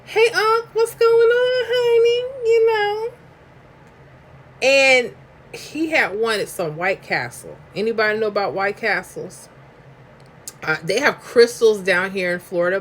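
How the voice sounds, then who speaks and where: Talkative New York-accented woman, low-ish voice, casual live-stream host who reads chat comments aloud and talks slangy and emphatic. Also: a little hiss or hum.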